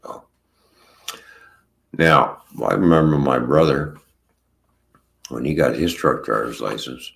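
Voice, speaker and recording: Deep-voiced man spinning road stories. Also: slow, creaky, long pauses, a bit bright. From Canada. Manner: rambling anecdote-telling, swears freely, acts out quoted dialogue. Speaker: stream host and former long-haul trucker. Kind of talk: casual storytelling on a live stream.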